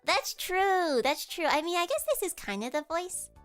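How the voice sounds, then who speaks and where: A woman's voice: extremely high pitch, big pitch swings, moderate pace, fairly bright tone, faint music behind. A woman streamer chatting casually with her viewers in a nasal voice, explaining things as she goes. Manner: chatty, explains with vocal demos.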